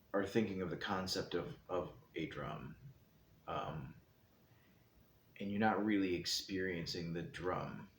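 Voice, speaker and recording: A deep-voiced man talks through his ideas in a thoughtful, meandering way, as if thinking aloud. He sits in an echoey indoor room, and a faint hiss runs underneath. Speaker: host. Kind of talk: casual reflective talk. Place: indoor room, seated in a chair.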